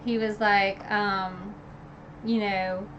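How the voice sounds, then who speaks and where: A woman talks through a book's ending in a loose, chatty recap, slowly and with plenty of pauses. Her voice is bright and forward. She rambles from point to point with fillers and asides. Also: medium pitch, little pitch movement, highs cut off, a little hiss or hum. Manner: rambling and chatty, full of "like" and "you know". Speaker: book reviewer streaming a recap. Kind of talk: casual book recap chat.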